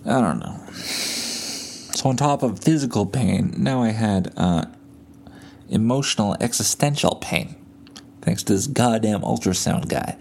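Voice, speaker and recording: Male podcaster, gravelly and laid-back, rambling and profane, buzzed from painkillers and bedridden at home. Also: lowish voice, a little slow, long pauses, a little mellow. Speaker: podcast host. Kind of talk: casual solo podcast storytelling.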